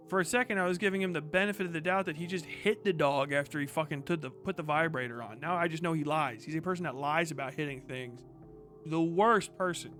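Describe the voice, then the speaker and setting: A man's voice: fairly high pitch, sharp tone. A man streaming live, ranting angrily and swearing heavily. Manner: angry, profane, heated. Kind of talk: livestream rant.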